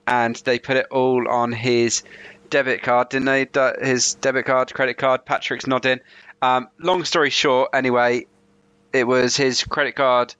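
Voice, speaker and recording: A podcast co-host talking about wrestling in a loose, meandering way, losing his thread and circling back. His voice is bright and crisp. The sound is dry, with no room echo. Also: medium pitch. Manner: rambling, loses his thread, hedging. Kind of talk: casual wrestling review chat.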